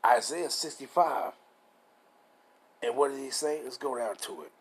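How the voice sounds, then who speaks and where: A man reading scripture aloud and preaching on it in a casual, rough-edged way, reading verses slowly and stopping to ask rhetorical questions. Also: mid-range voice. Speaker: scripture teacher.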